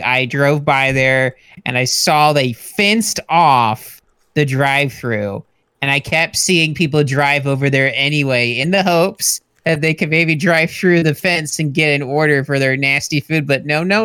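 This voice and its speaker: Male co-host, bright clean voice, dry close sound, meandering casual banter. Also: on the high side, clean tone, no echo. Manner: rambling, halting, full of "you know" and restarts. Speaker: podcast co-host. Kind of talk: casual comedy podcast banter.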